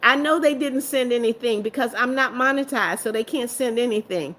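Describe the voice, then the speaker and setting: Bright-voiced woman reading live chat. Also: on the high side, fairly quick. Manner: reads viewer comments aloud, firm with trolls. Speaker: livestream host. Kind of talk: casual live stream chat reading comments.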